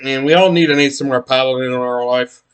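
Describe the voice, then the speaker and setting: A miniatures collector chats casually while unboxing blind boxes, rambling with many fillers and restarts. His mid-range voice moves at a quick pace with a clean tone.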